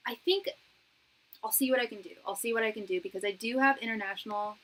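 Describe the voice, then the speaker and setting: Talking fast in a fairly high, slightly bright voice, a woman runs a live-stream tarot session over a low-quality recording. She's a psychic medium and tarot reader whose slangy, chatty style includes calling people "hon" and "girl" and thanking donors.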